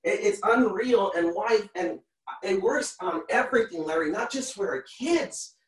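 A man in his thirties, a guest on a podcast, telling stories in an animated way, acting out quotes and often repeating himself. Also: high-pitched, a little slow. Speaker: podcast guest, motivational speaker. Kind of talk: storytelling in a podcast interview. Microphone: call recording. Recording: roomy sound, distant from the mic.

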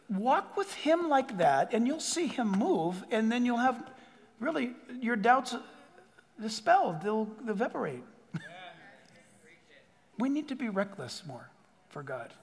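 A man preaching a sermon as a pastor, animated and acting out quoted dialogue in different voices. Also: high-pitched, vocal fry, long reverb tail.

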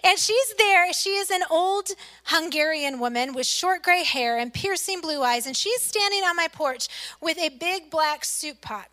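A middle-aged woman pastor preaching a sermon, telling a personal story earnestly, swinging between loud emphasis and soft, hushed lines. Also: very high voice, lively intonation, unhurried.

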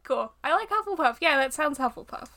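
A woman's voice: high voice, lively intonation, brisk, sharp tone. A woman co-hosting a casual chat, mostly giving short reactions. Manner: short reactions, laughs often. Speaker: podcast co-host.

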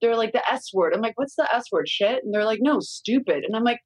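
A woman in her forties chatting candidly on a podcast, telling lively parenting stories and swearing freely. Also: on the high side, brisk, husky, no room sound, low-quality recording. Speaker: guest consultant. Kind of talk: casual podcast chat.

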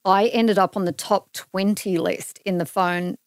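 An unhurried, smooth, medium-pitched woman's voice belongs to a middle-aged Australian recounting a personal story on a podcast. Chatting casually, she brings the dialogue to life with animated delivery, in clean studio sound without echo.

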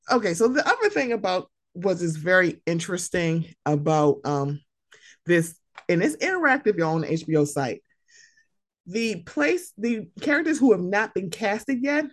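Casual co-host, woman, lowish voice, swings widely in pitch, profane and animated. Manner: animated, profane, laughing, acts out quotes. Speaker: podcast co-host. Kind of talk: casual chat.

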